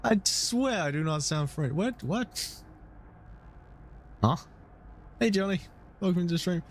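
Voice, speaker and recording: A man's voice: a little high, lively intonation, slow pace, creaky, long pauses, a bit bright, slight background noise. A man with a London accent streaming a game, joking, crude and rambling with fillers. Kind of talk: casual game commentary.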